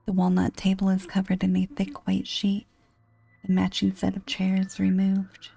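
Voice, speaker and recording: A woman reading a horror game aloud in a hushed, breathy whispered role-play. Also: mid-range voice, monotone, normal speed. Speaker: game narrator.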